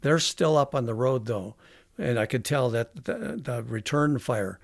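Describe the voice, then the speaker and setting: A man, a veteran guest on a podcast, telling a long story in a halting way with many restarts. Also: mid-range voice, lively intonation, gravelly, dry recording, clean studio sound. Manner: halting, with frequent restarts and fillers. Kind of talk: casual storytelling interview.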